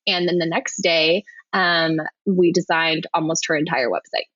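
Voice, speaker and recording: A woman in her thirties talks through her work story as a podcast guest, animated and quick to laugh. Her voice sits low for a woman. The sound is dry and a little dull. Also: no echo. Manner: animated, laughs often, frequent restarts. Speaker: podcast guest, web designer. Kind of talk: conversational storytelling.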